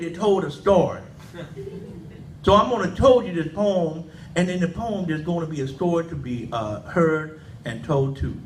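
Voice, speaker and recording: A man's voice: sits high, fairly bright tone, far from the mic, slight background noise. A man giving a live poetry reading in folksy dialect. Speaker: poet. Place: indoor event room. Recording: echoey room, faint ambience.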